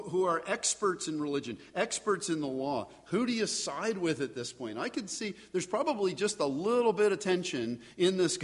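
A man delivers a sermon in a loose, conversational way, slipping into little acted voices for the people in the story. His voice sits a bit high for a man. The sound has the long, trailing reverb of a large hall. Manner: conversational, animated, acts out voices of biblical figures. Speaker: pastor.

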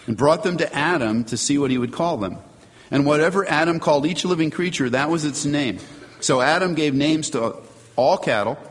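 A man delivers a sermon in an earnest, emphatic way, pausing to let each point land. His voice sits at an ordinary middle pitch. The sound carries the long reverb of a large hall. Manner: earnest, emphatic preaching with measured pauses. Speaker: pastor.

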